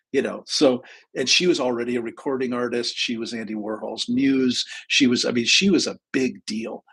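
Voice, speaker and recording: Raspy-voiced man in his sixties telling a story. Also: mid-range voice, a bit bright, low-quality recording. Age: 60s. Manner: rambling, candid, with frequent restarts and profanity. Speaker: host. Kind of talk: casual live-stream storytelling.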